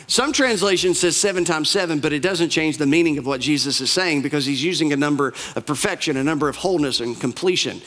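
A man's voice: fairly high pitch, expressive, fast, few pauses, pushed and bright. A male pastor preaching a sermon in an emphatic, repetitive style that builds in intensity.

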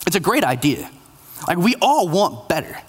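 A pastor preaching a conversational, self-deprecating sermon to a church congregation, with frequent restarts and playful asides. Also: male voice, sits high, very animated, moderate pace, husky. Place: church with online audience.

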